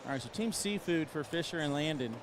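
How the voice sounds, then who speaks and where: A man's voice: on the high side, expressive, fast talker. An American man casually announcing matchups and bantering with his co-host at a cornhole tournament. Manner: joking, dry banter. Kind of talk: casual commentary, reading match lineups. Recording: noisy event venue.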